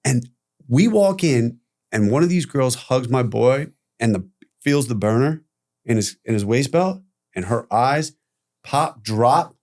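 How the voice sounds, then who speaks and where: A man guest on an interview podcast, recounting his past in a lively, profane storytelling manner. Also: medium pitch, measured pace. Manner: animated retelling with profanity, acting out quoted voices.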